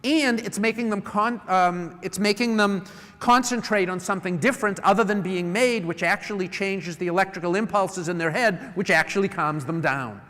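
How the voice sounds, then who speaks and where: High-voiced man speaking in a reverberant hall. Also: moderate pace. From New England. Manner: lively storyteller who acts out customer calls. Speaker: conference speaker. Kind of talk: live presentation to an audience.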